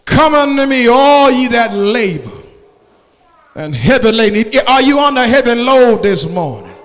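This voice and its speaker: A man preaching a sermon, calling out to the congregation and swinging from shouts down to hushed tones. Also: very high voice, very animated, unhurried. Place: church sanctuary. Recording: church hall reverb.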